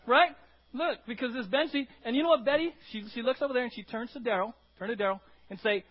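In a church hall, a pastor preaches a fast, lively sermon, calling out "Amen?" and "right?" to his congregation and acting out quoted voices in sudden loud, high bursts. The audio has its highs cut off.

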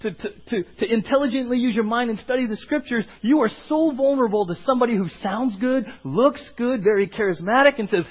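A man preaching a sermon as pastor, animated and acting out the voices of the people he quotes. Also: very high voice, a little fast, hardly any pauses, lo-fi sound.

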